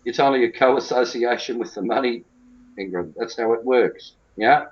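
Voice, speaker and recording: A cricket coach with a middle-pitched voice gives an interview, speaking bluntly, emphatically and colloquially at a normal speed. The recording comes across as slightly dull.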